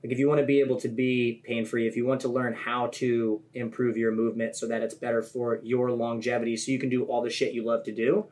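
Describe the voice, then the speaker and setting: A man's voice: mid-range voice, fast, hardly any pauses. Male guest, mid-range voice, easygoing explainer. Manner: relaxed, filler-heavy explainer. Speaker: podcast guest. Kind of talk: casual podcast chat.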